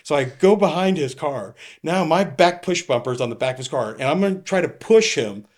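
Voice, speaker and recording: Laughing, animated middle-aged man telling stories. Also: fairly high pitch, a little fast. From California. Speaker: retired police captain, guest. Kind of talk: casual storytelling.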